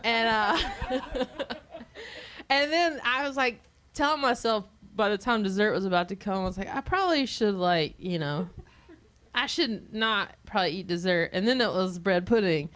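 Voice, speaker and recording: A woman telling a funny personal story, animated and often breaking into laughter. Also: mid-range voice, moderate pace. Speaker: comedian. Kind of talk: comedic storytelling.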